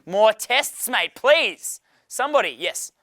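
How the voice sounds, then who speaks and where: A man's voice: extremely high pitch, animated, takes it slowly, bright, forceful tone, no echo. A young man running a dating seminar Q&A, brash and profane, laughing often. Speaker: dating coach. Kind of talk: live seminar Q&A.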